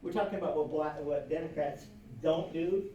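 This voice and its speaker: A man's voice: fairly high pitch, moderate pace, dark tone, muffled recording, a little hiss or hum. A man teaching a history class, lecturing animatedly with rhetorical questions and chuckling asides, recorded from across a classroom. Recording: echoey classroom recorded from far off.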